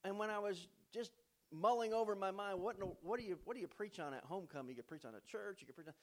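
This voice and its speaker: A man's voice: high voice, very fast. A male pastor preaching a homecoming sermon in a church, telling stories with folksy humor and preacher's emphasis. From not from the American South.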